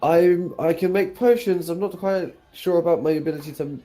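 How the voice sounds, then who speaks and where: A man's voice: on the high side, normal speed, mellow. Polite earnest man, tabletop player. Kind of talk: casual tabletop role-play.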